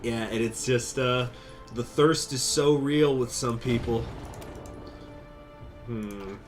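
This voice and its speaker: A man streaming a strategy game, chatting casually with viewers, rambling, laughing and jumping into high excited bursts. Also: slow, soft background music. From United States. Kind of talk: casual game commentary with chat.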